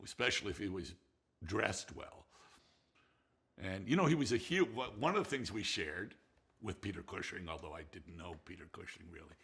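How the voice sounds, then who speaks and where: An older film director rambles through stories in a reminiscing interview, restarting often, laughing, and swearing at times. His voice is lowish, gravelly and bright, with a forceful, slightly rough delivery.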